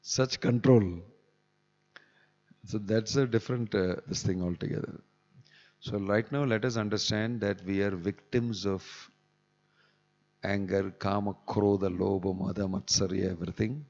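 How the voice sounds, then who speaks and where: A man's voice: on the low side, steady tone, measured pace, pauses often, darkish tone. A man giving a scripture class in a temple, talking conversationally with chuckling asides. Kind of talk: sermon. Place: temple hall. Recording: dull echoey hall recording.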